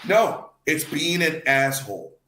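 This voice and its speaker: A Cajun man in his fifties rants in a loose, profane chat, often stammering over repeated words. His voice sits a bit high and sounds bright and forceful. The room around him is echoey. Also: sing-song, slow pace. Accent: Louisiana Cajun. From Louisiana. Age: 50s. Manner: profane, heated, repeats words, swings between laughing and shouting. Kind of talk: casual chat, ranting commentary.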